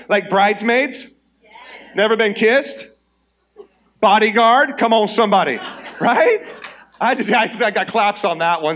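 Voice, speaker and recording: A man's voice: extremely high pitch, a bit bright. A man in his forties preaching a sermon in a church, conversational and humorous, calling out to the congregation. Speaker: pastor. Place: church auditorium.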